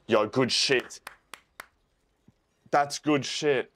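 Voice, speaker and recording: A young man reacting to a war film for the first time, swearing and shouting at the screen. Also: a little high, a little slow. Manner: emotional, swearing, exclaims at the screen. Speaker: reaction video host.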